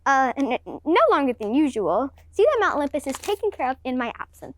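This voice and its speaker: A woman playing the sneaky king of the gods in a student class play, smooth-talking but flustered and full of excuses. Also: high voice, sing-song, brisk.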